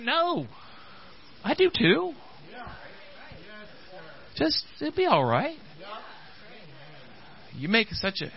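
Pastor guy preaching, high voice all over the place, stop-start, does people's voices, kinda muffled lo-fi audio. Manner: animated, halting preacher acting out quoted voices. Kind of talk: sermon.

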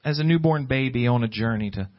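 A man's voice: mid-range voice, quick pace, highs cut off. A man preaching a sermon, often restarting his words and building in fervor. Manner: repetitive restarts, rising fervor.

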